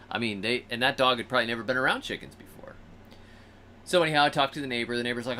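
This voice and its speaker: A man hosting a show, telling a story in a lively, swooping voice with a bright, forward edge. He breaks into funny character voices now and then. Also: medium pitch, quick pace, slight background noise. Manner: animated, acts out animals and people in funny voices. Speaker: host. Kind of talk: casual storytelling.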